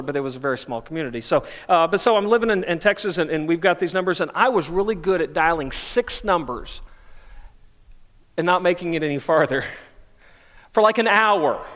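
High-voiced middle-aged preacher in a hall. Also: male voice, a bit bright. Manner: storytelling, self-deprecating humor. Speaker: pastor. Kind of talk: sermon. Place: church sanctuary.

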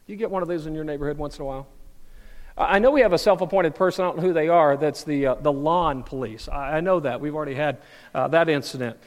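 A pastor preaching a sermon in a church hall, telling stories, repeating words and asking the crowd questions. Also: male voice, on the high side, quick pace. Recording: long hall reverb.

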